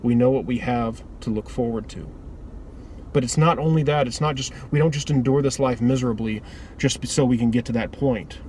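A man's voice: medium pitch, normal speed, darkish tone, a little hiss or hum. A man giving an earnest, informal devotional talk that often loops back and restarts its phrases. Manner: earnest, rambling with repeated restarts. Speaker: preacher.

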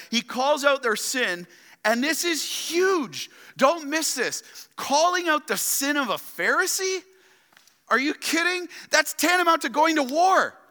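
A pastor preaches a sermon in a church sanctuary, his high, piercingly bright voice carried by a long hall reverb. He swings from loud, emphatic exclamations to hushed, low asides, pressing his listeners with rhetorical questions. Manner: addresses listeners as "loved ones" and asks rhetorical questions.

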